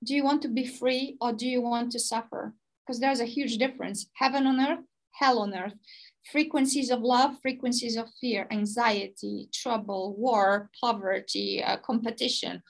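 A woman hosting a podcast, talking through spiritual ideas with emphatic, expressive stresses. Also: on the high side, normal speed, vocal fry, rough recording. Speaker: podcast host, spiritual teacher. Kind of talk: conversational spiritual teaching.

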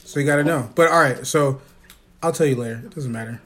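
A man's voice: medium pitch, quick pace, a bit bright. Laid-back joking man hosting a podcast. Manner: loose, joking, swearing, laughs often. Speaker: podcast host. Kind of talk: casual podcast chat. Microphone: phone.

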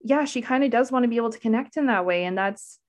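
A woman's voice: fairly high pitch, quick pace. A woman guesting on a podcast, speaking in an earnest, reflective way, with lots of "like" fillers. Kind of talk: casual conversation.

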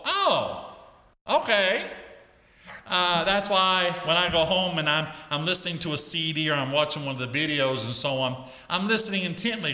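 A middle-aged man, a school teacher, telling a testimony in an emphatic, animated storytelling way. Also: high-pitched. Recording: echoey hall with long reverb.

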